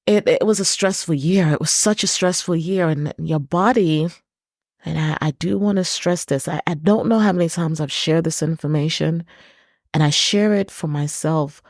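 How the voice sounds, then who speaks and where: Slow, low-voiced woman in reflective talk. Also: a little mellow, dry recording, clean studio sound. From Britain. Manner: earnest, emphatic, repeats words for stress. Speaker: podcast host. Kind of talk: personal reflective monologue.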